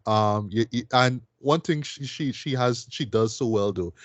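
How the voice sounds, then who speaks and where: Very noisy and muffled, this clip captures a male podcast co-host giving a casual, enthusiastic film review packed with fillers and tag questions. He speaks at medium pitch with a measured pace.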